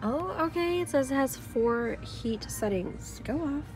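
A playful, giggly woman in her twenties vlogs a day out on a handheld camera. Her voice sits a little high and she takes her time with the words. Soft music plays faintly under her. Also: animated, measured pace. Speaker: vlogger. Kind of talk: casual vlog chat. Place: shops and a restaurant, indoors.

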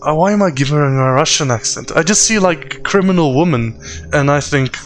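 A man joking and swearing as he plays through a story game, talking to viewers casually. His voice sits fairly high. Game music hums faintly under him. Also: animated, brisk. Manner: profane, joking, calls viewers bro. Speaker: let's play host. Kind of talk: casual gameplay commentary.

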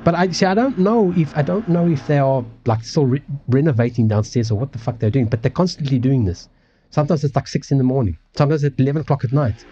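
A man's voice: mid-range voice, fast talker, warm tone, lo-fi sound, slight background noise. A man hosting a casual livestream from his apartment, rambling and swearing with many restarts. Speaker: livestream host. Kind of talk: casual ranting chat. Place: home apartment.

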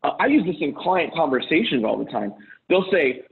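A middle-aged man talks bluntly and swears freely as he coaches other men on arguments at home, slipping into heated quoted voices. His voice sits a little high for a man. The sound is thin and tinny, like it comes over a phone line. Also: very animated, brisk, gravelly. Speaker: relationship coach. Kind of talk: casual advice talk.

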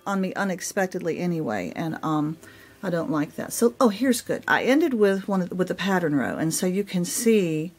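A woman's voice: fairly low pitch, darkish tone. A woman with a Southern accent chatting casually at home about crafts, often restarting and correcting herself. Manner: chatty, self-correcting, homey. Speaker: craft vlogger. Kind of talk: casual show-and-tell chat. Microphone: camera mic.

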